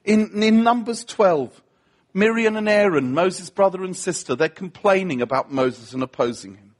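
A man's voice: high-pitched, lively intonation, normal speed. A middle-aged man preaching a humorous sermon, telling a story against himself, laughing often and acting out the voices of the people in it.

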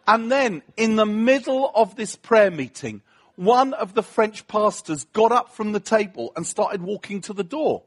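A British man preaching a humorous sermon, telling a story with self-mocking asides in an animated way. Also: sits high, measured pace. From Britain.

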